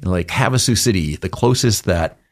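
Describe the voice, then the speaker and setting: A man's voice: low-pitched, moderate pace. A middle-aged man from New England, a guest telling jokey stories in a casual interview and acting out little voices. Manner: jokey storyteller, acts out voices with big jumps. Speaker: interview guest, business owner.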